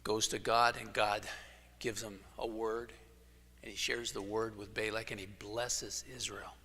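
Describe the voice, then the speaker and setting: Male pastor, casual joking sermon style, bright voice, long church reverb. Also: on the low side, little pitch movement, a little slow. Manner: casual storytelling with jokes. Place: church sanctuary. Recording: echoey church hall.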